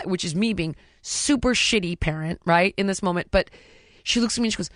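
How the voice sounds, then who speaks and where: A woman hosts a podcast in a casual, unfiltered way, swearing freely as she tells stories. Her voice sits at an ordinary middle pitch. The sound is dry and close, with no room echo. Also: brisk, fairly bright tone. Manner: frank and blunt, swears freely, storytelling. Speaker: podcast host and mother. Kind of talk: candid casual podcast chat. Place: podcast studio.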